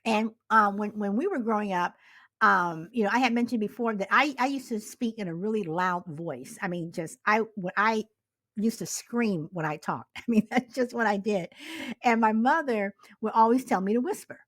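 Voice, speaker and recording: A middle-aged woman co-hosting a casual talk show, telling stories in an animated, exasperated way with rhetorical questions. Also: mid-range voice, normal speed, no room sound. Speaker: podcast co-host. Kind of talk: casual chat.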